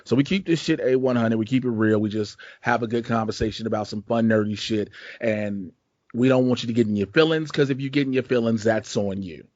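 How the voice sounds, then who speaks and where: A man's voice: mid-range voice, brisk, darkish tone, dry recording. A man from Chicago hosting a casual podcast, rambling in a laid-back, profane way with plenty of slang. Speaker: podcast host. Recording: dull lo-fi dry sound.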